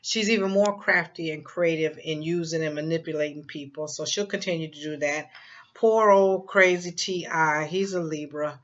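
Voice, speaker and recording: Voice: mid-range voice, moderate pace, fairly bright tone, highs cut off. A psychic reader giving a casual spoken prediction, rambling and emphatic, with many fillers and repeated phrases.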